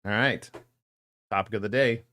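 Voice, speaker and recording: A man's voice: on the low side, normal speed, pushed and bright, slight background noise. A middle-aged man co-hosting a casual podcast, chatting in a rambling, joking way and often trailing off mid-thought. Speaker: podcast co-host. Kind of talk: casual chat.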